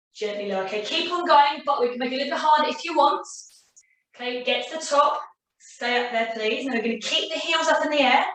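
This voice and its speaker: A woman leading a Pilates class, calmly cueing breaths and counting reps. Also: sits high, far from the mic. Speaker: Pilates instructor. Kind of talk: guided exercise class instruction. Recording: very echoey room, voice from off-mic.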